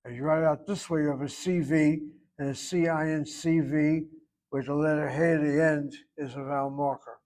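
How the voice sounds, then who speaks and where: Higher-voiced man teaching Hebrew grammar. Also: steady tone, a little mellow. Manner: slow, explaining, drawn-out pronunciations. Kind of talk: classroom grammar lesson.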